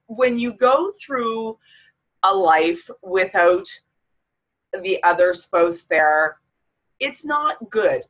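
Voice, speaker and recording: In a personal vlog, a middle-aged fitness coach from Canada talks openly to camera, emotional and on the verge of tears. Her voice is mid-range and a bit bright, and the audio quality is poor.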